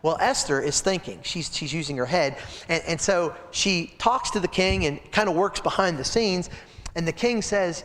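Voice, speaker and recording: A man with a high, bright-toned voice preaches to a Bible study group and tells the story with lively energy. He keeps turning to his listeners with direct questions. The sound carries a long reverb, as in a church hall. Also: moderate pace. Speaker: pastor leading a Bible study. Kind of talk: midweek Bible study sermon.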